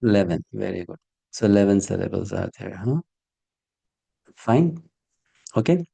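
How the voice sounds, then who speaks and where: A man's voice: deep voice, fairly even intonation, quick pace, creaky, warm tone, slightly rough. A man teaching a Sanskrit verse class online over a video call, patiently checking that students follow with frequent questions. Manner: patient, checks understanding with frequent "hmm?" and "okay?".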